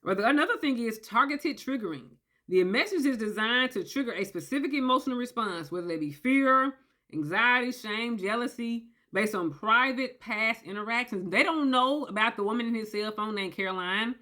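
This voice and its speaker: A woman giving a casual explainer, emphatic and animated, often checking in with "okay?" and acting out quoted voices. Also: on the high side, normal speed. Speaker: commentator on narcissistic abuse. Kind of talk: casual talking-head explainer.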